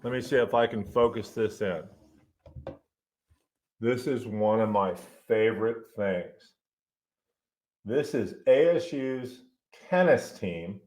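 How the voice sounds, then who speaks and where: A middle-aged man, a college professor hosting his own podcast, telling casual stories in a lively way, swearing now and then and muttering to himself as he fiddles with his desk microphone. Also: lowish voice, takes it slowly, long pauses, slight background noise. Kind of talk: casual storytelling monologue.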